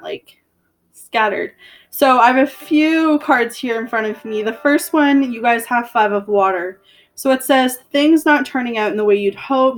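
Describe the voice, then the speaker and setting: Chatty woman giving a tarot reading. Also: on the high side. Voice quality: slightly hoarse voice. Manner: chatty, encouraging, repeats phrases for emphasis. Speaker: tarot reader. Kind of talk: casual tarot reading to camera.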